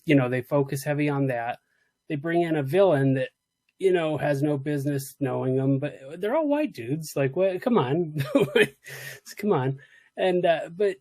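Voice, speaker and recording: This is a man co-hosting a movie podcast in relaxed conversation. His voice is a touch high, and he is agreeable, often laughing and chiming in to back up his co-host. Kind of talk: casual movie review chat.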